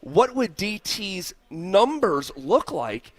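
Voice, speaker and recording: A man's voice: high-pitched, sing-song, takes it slowly, no room sound. A male sports radio host in a studio, talking casually and reading listener messages aloud in a heartfelt way. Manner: heartfelt, reads listener texts aloud with fillers. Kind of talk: sports talk radio chat. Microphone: studio microphone.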